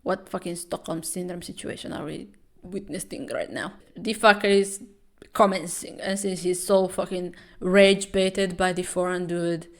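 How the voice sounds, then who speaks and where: A woman's voice: fairly low pitch, steady tone, moderate pace. A woman hosting a sarcastic, profane comic recap, sounding incredulous. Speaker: webtoon commentary host.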